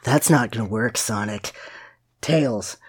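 A podcast host voicing a brooding, edgy male cartoon hedgehog antihero in a comic dramatic reading, speaking low, hushed and gruff. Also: slow pace.

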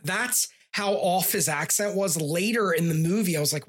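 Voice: mid-range voice, fairly quick, few pauses, slightly rough. A podcast co-host giving casual, mocking commentary on a film and laughing often. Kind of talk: casual movie review chat.

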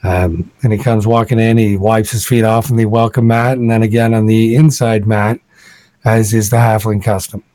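A man's voice: on the low side, fairly even intonation, normal speed, mellow, no echo. A man serving as game master, casually narrating scenes in a tabletop game. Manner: casual, descriptive.

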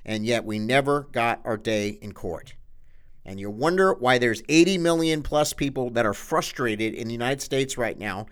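A man hosting his own news show as a pastor, delivering an impassioned, sarcastic monologue that swings between loud outbursts and hushed asides. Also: medium pitch, animated, normal speed, clean tone. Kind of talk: political news commentary monologue.

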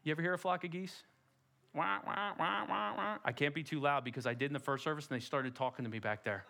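A man's voice: mid-range voice, very fast, fairly bright tone. A middle-aged pastor preaching a sermon in a church, direct and emphatic, putting rhetorical questions to his congregation. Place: church sanctuary.

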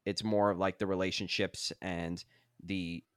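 Young male podcast co-host, very low voice, dry close mic, rambling and enthusiastic. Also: flat delivery, unhurried, no echo. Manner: rambling, enthusiastic, many fillers. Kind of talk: casual podcast chat.

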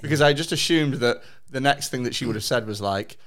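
Lancashire guy on a podcast, sweary, laughs through his stories, middle pitch. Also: fairly quick, fairly bright tone. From northern England. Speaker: podcast co-host. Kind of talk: casual chat.

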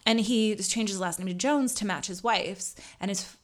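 A woman's voice: medium pitch, moderate pace. Chatty woman in her 30s co-hosting a podcast, says like a lot, laughs easy. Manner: chatty, lots of "like", laughs often. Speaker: podcast co-host. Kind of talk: casual chat, telling a true-crime story.

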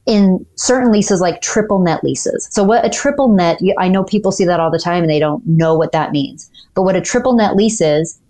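A woman lawyer speaks on a podcast, her voice sitting a little low for a woman. She explains things clearly and methodically, now and then pausing on an "um". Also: warm tone. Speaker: dental practice lawyer, guest.

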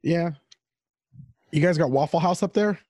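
A man's voice: a little high, moderate pace, darkish tone, no room sound, poor audio. A man co-hosting a podcast, chatting casually and rambling about food and guitar gear. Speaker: podcast co-host. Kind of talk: casual chat. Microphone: home mic over video call.

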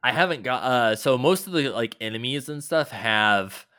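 A man's voice: mid-range voice, animated, moderate pace, sharp tone, clean tone, no room sound, clean studio sound. A man casually rambling about a video game, loose and swearing now and then, with many fillers.

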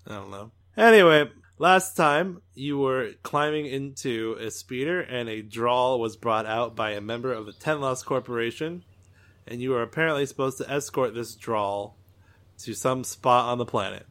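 A man narrating as game master of a tabletop role-playing podcast, relaxed and joking with his brother. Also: mid-range voice, moderate pace, smooth.

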